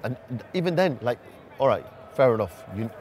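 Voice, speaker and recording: A man's voice: mid-range voice, lively intonation, normal speed, darkish tone, a little hiss or hum. A man co-hosting outdoors, chatty and laughing as he tells stories and debates football. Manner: chatty, laughs often, storytelling. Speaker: co-host. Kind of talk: casual banter. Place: outdoors near a stadium.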